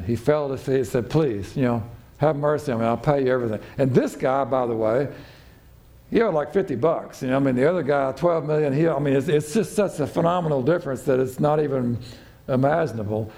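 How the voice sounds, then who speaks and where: A man's voice: brisk, mellow. A man preaching a sermon as pastor, telling a parable in a conversational way and acting out the lines of the people in it. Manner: conversational storytelling, acting out quotes with raised pitch.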